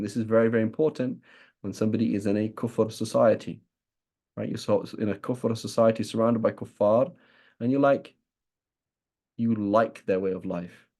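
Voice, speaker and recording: British man teaching, mellow low voice. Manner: keeps asking "right?", acts out imagined speakers. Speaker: religious teacher. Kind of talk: conversational lesson.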